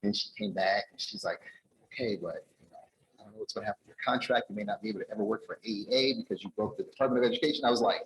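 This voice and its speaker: A man's voice: lowish voice, racing, low-quality recording. A man at a conference telling an audience a personal story, acting out the dialogue in a raised voice. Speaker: conference speaker. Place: conference ballroom.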